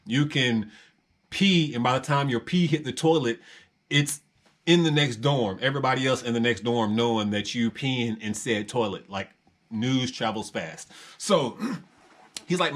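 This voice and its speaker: A man telling a prison story in a casual, animated way, acting out other voices and laughing often. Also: mid-range voice, normal speed.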